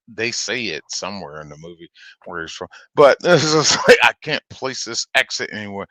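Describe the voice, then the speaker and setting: A man's voice: lowish voice, expressive, brisk, pushed and bright, no room sound. A man hosting a livestream in casual chat, laughing often and swearing as he rambles about movies. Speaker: livestream host.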